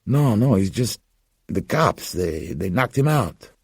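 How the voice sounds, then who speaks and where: Brash tough young thief, as a deep-voiced man puts him on. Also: lively intonation, measured pace, darkish tone, no room sound, studio quality, exaggerated voice. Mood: defensive. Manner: brash and defensive, swears.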